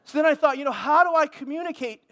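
A man's voice: very high voice, quick pace, a bit bright. A middle-aged man, a pastor, preaching an impassioned sermon and calling for amens from the congregation.

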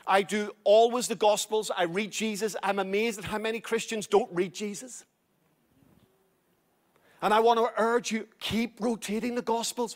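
A man's voice: high-pitched, steady tone, moderate pace. A middle-aged male pastor preaching a sermon, urging his listeners and repeating key phrases.

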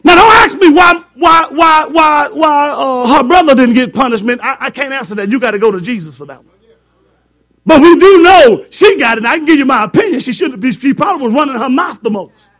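A man's voice: very high voice, animated, fast. A man preaching a fervent sermon, repeating words for emphasis and joking with his congregation.

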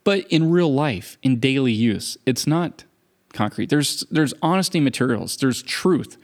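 A man's voice: medium pitch, animated, unhurried. A man co-hosting a podcast in casual chat, opinionated and wry, making his points with emphasis. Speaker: podcast co-host.

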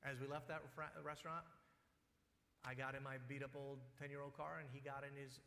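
A man's voice: medium pitch, flat delivery, fairly quick, vocal fry, pushed and bright. A man preaching a sermon as pastor, talking conversationally and telling personal stories. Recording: long hall reverb.

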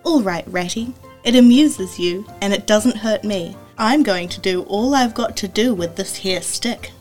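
A woman voicing a gruff, stern old male badger in a storybook reading, speaking loud and commanding. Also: medium pitch, a little slow, soft background music, lightly acted. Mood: good-humoured.

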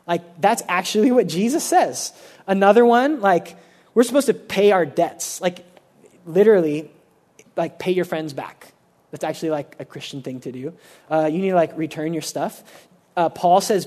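A young man preaching a sermon as pastor in a casual, conversational way, full of fillers and quick acted-out quotes. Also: high voice, lively intonation, a little mellow. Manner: acts out quoted speakers in quick asides.

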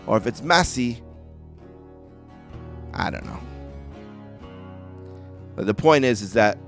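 A man's voice: fairly low pitch, a bit bright. A man with a Western New York accent hosting a sports podcast, talking alone in a rambling, self-deprecating way with lots of ums and uhs. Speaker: podcast host. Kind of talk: casual solo monologue.

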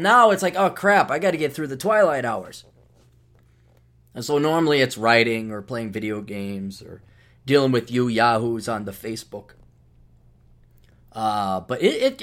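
In a sardonic, meandering monologue, a middle-aged man hosting a podcast frequently starts over mid-thought. His voice sits fairly high and has a bit of brightness.

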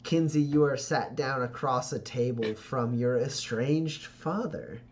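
Unhurried man running a tabletop game. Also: mid-range voice, a little hiss or hum. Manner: relaxed, descriptive, with filler pauses. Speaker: game master.

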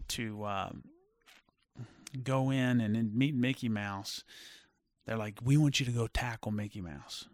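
A middle-aged former football player telling stories in a casual chat, animated and full of fillers. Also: male voice, medium pitch, smooth, dry recording, studio quality. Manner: animated storyteller with many fillers. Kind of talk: casual storytelling.

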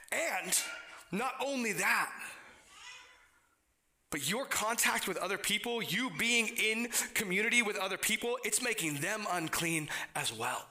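A man's voice: sits high, pushed and bright. A man preaching a sermon in a conversational way, with frequent restarts and playful asides. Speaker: pastor.

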